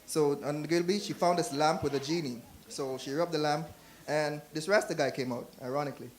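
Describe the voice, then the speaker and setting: A man's voice: on the high side, steady tone, brisk. A man from Jamaica with a Jamaican accent, performing a stand-up comedy set on a club stage and putting on voices for the people in his jokes.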